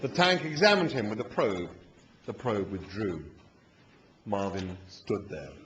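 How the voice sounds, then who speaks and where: A man narrating a story aloud in a lively, expressive way at a live reading in a hall. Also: fairly low pitch, unhurried, lo-fi sound. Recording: echoey hall, faint noise.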